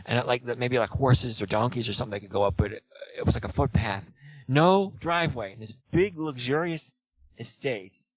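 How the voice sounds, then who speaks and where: A man's voice: medium pitch, moderate pace, no echo, rough recording. A man telling a long personal story in casual chat, rambling with lots of "you know" and "like" and acting out the lines of the people in it. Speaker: guest.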